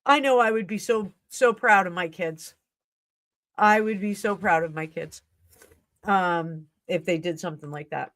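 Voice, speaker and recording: Lady doing live tarot readings, gushy and emotional, kinda low voice. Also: unhurried, a bit bright, dry recording. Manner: emotional, effusive. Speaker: tarot reader and stream host.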